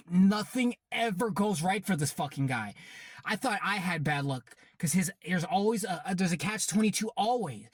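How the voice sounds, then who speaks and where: A man's voice: a little high, husky, no room sound. A man hosting a reaction channel, delivering heated, profane, sarcastic commentary.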